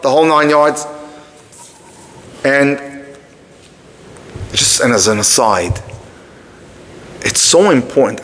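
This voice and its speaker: A man teaching through a story to a live audience, animated, breaking off to speak to the room. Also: medium pitch. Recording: long reverb of a hall.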